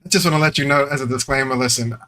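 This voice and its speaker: Bright, slangy man telling lively stories. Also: medium pitch, very fast. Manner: animated storyteller, acts out quotes with laughs; slangy, repeats "you know what I'm saying". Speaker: podcast co-host. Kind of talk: casual podcast chat.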